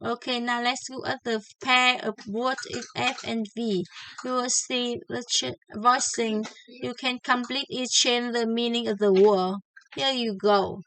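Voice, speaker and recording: A woman teaching English pronunciation, slowly and deliberately, repeating each example word several times. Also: a little high, level tone, fairly bright tone, slight background noise, low-quality recording. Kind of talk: slow pronunciation lesson with drilled example words.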